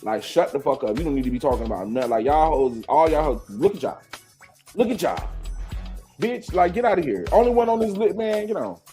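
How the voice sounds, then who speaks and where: A man's voice: a little high, big pitch swings, fairly quick, mellow, soft background music. A man hosting a live gossip stream, ranting in heated, profane commentary straight to his viewers.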